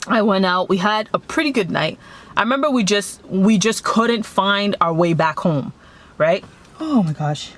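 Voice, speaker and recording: A young woman from Canada chatting casually as she tells a story, animated and acting out the voices of others. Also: fairly low pitch. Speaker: vlogger.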